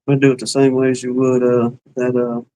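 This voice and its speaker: A man's voice: mid-range voice, completely flat delivery, fairly quick, warm tone, low-quality recording. A man with a Southern US accent co-hosting a casual beekeeping live chat, talking in a folksy, rambling way with plenty of fillers. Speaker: beekeeping livestream co-host.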